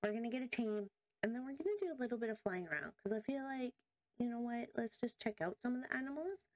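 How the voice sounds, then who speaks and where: A woman hosting a casual let's-play video, chatting to viewers and to in-game creatures as she thinks aloud and gets easily excited. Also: fairly high pitch, quick pace, no room sound. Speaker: gaming video host.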